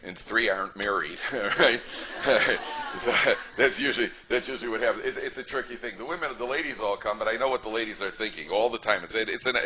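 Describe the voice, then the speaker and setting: A man's voice: fairly low pitch, a little fast. A male rabbi giving a humorous class, chatty and repetitive, often asking the audience "right?". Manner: chatty, repeats phrases, asks "right?". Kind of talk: humorous lecture storytelling. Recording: dull lo-fi lecture recording, faint noise.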